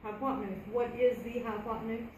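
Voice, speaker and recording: Lady teaching math, kinda high voice, chatty, asks the class stuff, echoey room w/ faint hum. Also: fairly even intonation, fairly quick, a little mellow. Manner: conversational, asks the class questions. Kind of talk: classroom lesson.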